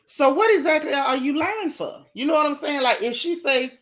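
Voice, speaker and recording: Host, middle-aged woman, sassy animated gossip talk, slightly high voice. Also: moderate pace, hardly any pauses. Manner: sassy, animated, colloquial storytelling. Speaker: host of a live gossip stream. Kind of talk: casual gossip chat, greeting live chatters.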